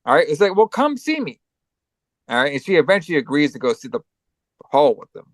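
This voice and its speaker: A man's voice: on the high side, expressive, very fast, no room sound. A man co-hosting a podcast, casually recapping a movie in a rambling, profane way and acting out lines. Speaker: podcast co-host.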